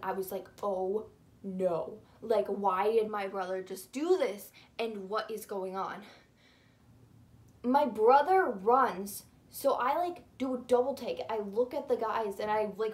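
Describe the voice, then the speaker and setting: A young woman tells a storytime in a casual, animated way. Her voice sits a bit high, and she rambles with plenty of fillers. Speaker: YouTuber.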